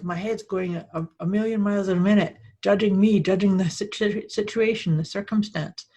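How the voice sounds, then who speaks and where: Husky North American woman co-host. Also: medium pitch, fairly even intonation, moderate pace, few pauses, mellow. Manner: affirming, coach-like, builds on the other host's points. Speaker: podcast co-host. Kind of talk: casual chat.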